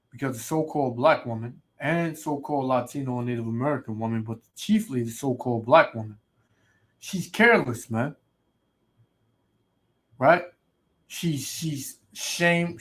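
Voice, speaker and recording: A man preaching in a ranting way, reading scripture slowly and adding "man" and "right" to nearly every line. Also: medium pitch. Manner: reads scripture slowly and loudly. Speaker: street preacher. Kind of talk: ranting sermon video.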